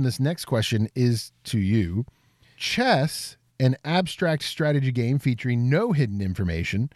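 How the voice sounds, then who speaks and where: Lively, playful man hosting a quiz. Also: on the high side, no room sound, studio quality. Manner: playful, laughing, reads answer options. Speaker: quiz host. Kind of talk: game segment hosting.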